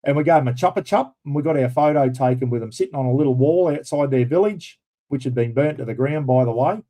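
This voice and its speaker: Mellow-voiced Australian man spinning army yarns. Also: mid-range voice, fast. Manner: rambling army yarns, swears freely. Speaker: livestream host. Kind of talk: casual storytelling.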